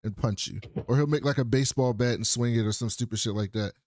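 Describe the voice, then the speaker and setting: A man's voice: medium pitch, fast talker, dry recording. Male co-host, loose and swearing, mid-range voice, dead-dry studio sound. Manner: animated storyteller, swears freely. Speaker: podcast co-host. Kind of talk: casual recap chat.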